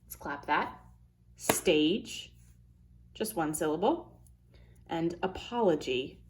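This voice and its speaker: A woman teaches phonics to young students, carefully sounding out each letter and word. She speaks in a low voice at a very slow, deliberate pace. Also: animated, background noise. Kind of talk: phonics lesson for children.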